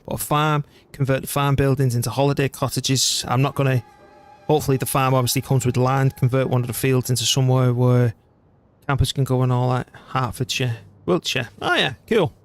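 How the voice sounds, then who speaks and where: A man's voice: medium pitch, steady tone, brisk. A man from North West England with a northern English accent, giving chatty, slangy, swear-prone commentary while streaming a strategy game. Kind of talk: casual gameplay commentary.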